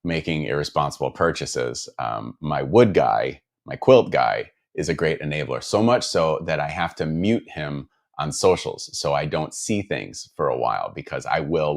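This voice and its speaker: A man's voice: a bass voice, animated, normal speed, creaky, few pauses. A man from the Midwest chatting casually on a live stream, rambling with lots of fillers and restarts as he reads out viewer comments. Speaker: guitar builder streaming to viewers.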